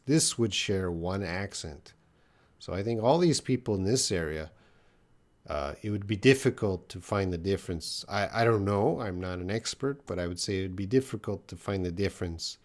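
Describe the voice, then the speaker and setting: Hosting a live English class, a male teacher whose voice sits slightly low goes through viewer questions aloud one at a time. His replies are straightforward, and he reasons out loud, padding with hedging fillers.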